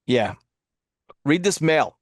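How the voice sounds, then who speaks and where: A man with a slightly higher voice chats casually and keeps cutting in with teasing jokes at his co-hosts. His tone stays light and playful throughout. The sound is dry and close to the mic. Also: expressive, slow pace, dry recording. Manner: teasing, joking interjections. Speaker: podcast co-host. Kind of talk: casual chat.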